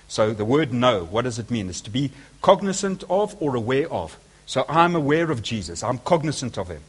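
A man's voice: mid-range voice, husky. A man preaching a sermon, speaking emphatically and asking his listeners rhetorical questions.

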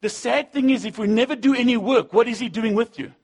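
A man preaching a sermon, swinging between loud punchy lines and low asides, acting out the voices he quotes. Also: a little fast, breathy edge. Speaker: pastor.

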